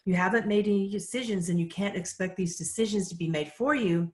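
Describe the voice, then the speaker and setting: Woman medium at a medium pitch, calm and measured, relaying messages, recorded in an echoey room. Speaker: psychic medium. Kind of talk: casual live Q&A.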